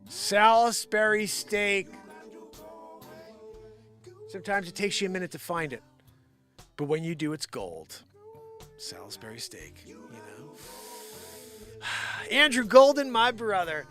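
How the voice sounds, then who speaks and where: A man's voice: high-pitched, very animated, slow, pauses often, fairly bright tone, soft background music. A man hosting a live show and rambling jokily, often sliding into impressions. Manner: rambling, jokey, slips into impressions. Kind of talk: improvised comedic livestream rambling.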